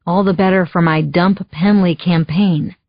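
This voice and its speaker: A husky, low-voiced woman narrates a first-person thriller audiobook in a measured, wry way. The recording is dry and dull, with a lo-fi sound. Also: fairly even intonation, dry recording. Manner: measured, wry inner monologue.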